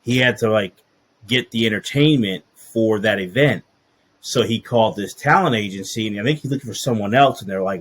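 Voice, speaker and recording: Podcast host, male; husky, slightly low voice; relaxed anecdotal teller. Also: brisk. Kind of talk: casual podcast chat.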